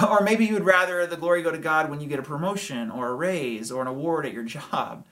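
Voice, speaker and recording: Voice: mid-range voice, a little fast, fairly bright tone. Conversational pastor preaching a sermon. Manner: conversational preaching with hedges, rhetorical questions and chuckles.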